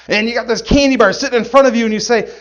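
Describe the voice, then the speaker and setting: A man giving a playful, animated object lesson to children, exclaiming and laughing as he goes. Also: very high-pitched, racing, lo-fi sound. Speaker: children's gospel magician.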